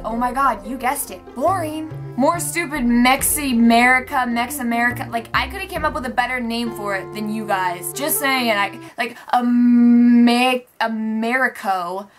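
A young woman reviewing a wrestling show in a casual vlog, excitable, sarcastic and freely swearing. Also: fairly high pitch. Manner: excitable, sarcastic and profane, with lots of "like" and "oh my god".

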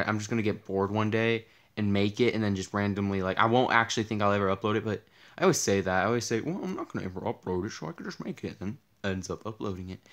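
A man's voice: fairly low pitch, a bit bright. Tired young man, losing his voice. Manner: rambling, self-mocking, easily startled. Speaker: gaming channel host. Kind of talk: casual Let's Play commentary.

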